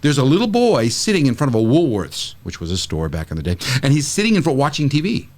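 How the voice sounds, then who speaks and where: Animated middle-aged male storyteller. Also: fast. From California. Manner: animated storyteller who acts out quotes with big pitch jumps. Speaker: regular guest, the show's dad figure. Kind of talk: casual podcast chat, storytelling. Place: studio.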